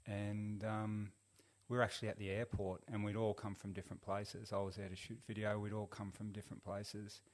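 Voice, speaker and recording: A middle-aged man, a podcast guest telling a long story in a relaxed, rambling way full of fillers. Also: fairly low pitch, a little fast, few pauses. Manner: rambling, laid-back, lots of fillers. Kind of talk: casual storytelling.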